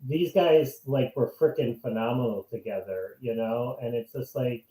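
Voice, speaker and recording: Animated, swearing man in an echoey room. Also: medium pitch, moderate pace. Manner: animated, swears, tells stories. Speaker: co-host. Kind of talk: casual film chat.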